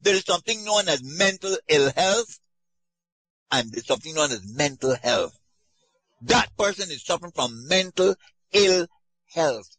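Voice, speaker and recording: A man hosting a radio discussion show, speaking in a measured, lecturing way. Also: a little high, fairly bright tone, husky, no echo, poor audio.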